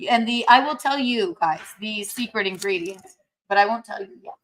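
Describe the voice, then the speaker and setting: A woman's voice: mid-range voice, moderate pace, fairly bright tone, slight background noise, poor audio. A woman hosting a casual livestream while she cooks, chatty and brash, gossiping and swearing freely. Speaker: livestream host.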